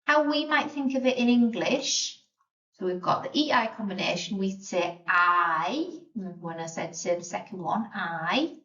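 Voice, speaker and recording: A woman's voice: medium pitch, recorded from a distance. Woman teacher, beginner lesson, patient, dull lo-fi sound, roomy echo. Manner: slow, patient, spelling sounds out. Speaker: language teacher.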